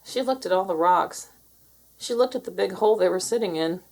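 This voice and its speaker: A woman narrating a children's picture book aloud in an expressive storytelling manner. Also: lowish voice, brisk, vocal fry. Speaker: storybook reader.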